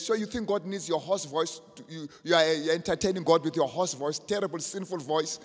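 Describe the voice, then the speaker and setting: High-voiced preacher in an echoing hall. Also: male voice, fairly quick, hardly any pauses. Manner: swings from soft asides to shouted emphasis. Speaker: pastor. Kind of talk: sermon. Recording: long hall reverb.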